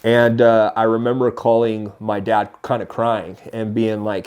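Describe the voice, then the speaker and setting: Animated man in his thirties telling stories. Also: fairly low pitch, a little slow, few pauses, clear, resonant tone. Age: 30s. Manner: animated, laughs often while telling stories. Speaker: podcast guest. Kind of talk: casual storytelling.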